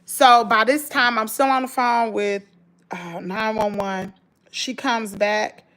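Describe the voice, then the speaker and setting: A woman's voice: on the high side, steady tone, slow, a bit bright. A woman with a Southern US accent, telling an emotional story straight to her viewers in an emphatic, rambling way, full of restarts. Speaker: vlogger.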